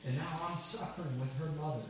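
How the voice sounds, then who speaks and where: A man's voice: on the high side, fast, noisy background. Impassioned man preaching in an echoey church. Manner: impassioned, swings from soft to loud emphasis; chuckles between points. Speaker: visiting missionary preacher. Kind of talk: sermon. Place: church sanctuary.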